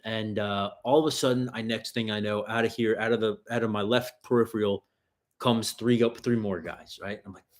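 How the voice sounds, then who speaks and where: A man's voice: on the low side, fairly even intonation, moderate pace. A man hosting a self-defense livestream, telling rambling street-fight stories in casual, profanity-heavy chat. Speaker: self-defense channel host.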